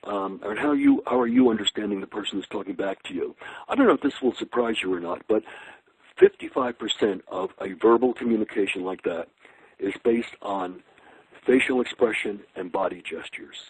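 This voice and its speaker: A man's voice: lowish voice, lively intonation, moderate pace, a little mellow, husky, no room sound, poor audio. A man giving a webinar talk on leading change, asking the audience rhetorical questions, with many fillers and restarts. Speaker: guest speaker on leadership.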